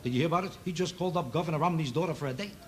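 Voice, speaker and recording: Man, stand-up comic, rapid-fire, needling rhetorical questions, old TV broadcast with heavy hiss. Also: on the high side. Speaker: stand-up comedian. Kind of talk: stand-up routine on a TV variety show. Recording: loud noise on an old TV broadcast recording.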